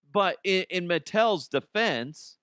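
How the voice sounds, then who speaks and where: A man's voice: high-pitched, fairly bright tone, smooth, dry recording, clean studio sound. A man hosting a comedic news segment, rambling, swearing and laughing at his own jokes. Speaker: host.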